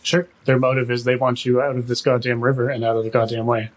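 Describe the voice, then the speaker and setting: A man acting as game master, narrating a tabletop game in a relaxed, matter-of-fact way. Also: medium pitch, fast talker, low-quality recording.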